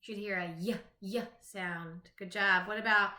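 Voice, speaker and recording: A woman teaching a phonics lesson to young children, slowly sounding out rhymes, letters and words. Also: medium pitch, fairly even intonation, pushed and bright. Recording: echoey room.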